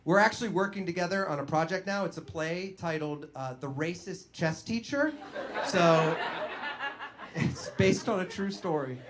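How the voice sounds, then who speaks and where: A young man doing stand-up, telling a story in an animated way and acting out the voices of other people. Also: high voice, a little slow. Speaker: stand-up comedian.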